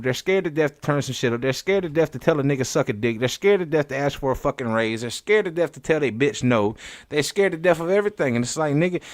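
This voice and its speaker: Male podcast host; quick, profane, emphatic delivery; dry recording. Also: fairly high pitch, no room sound. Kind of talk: casual podcast chat.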